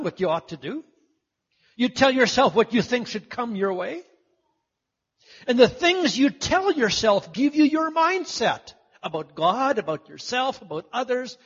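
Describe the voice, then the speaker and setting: A man preaching a sermon, telling the story with animated delivery and acting out the voices of the people in it. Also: very high-pitched, husky. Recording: muffled, echoey hall.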